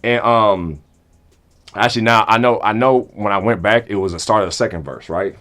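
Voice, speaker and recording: A young man telling a comedic story to friends in a casual, animated way, acting out both sides of the conversation. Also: on the low side, moderate pace.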